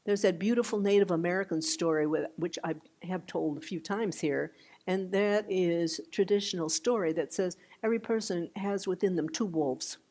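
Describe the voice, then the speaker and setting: An older woman giving a meditation talk, gentle and unhurried, with soft trailing phrases and restarts. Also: lowish voice. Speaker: meditation teacher. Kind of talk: dharma talk. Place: meditation hall.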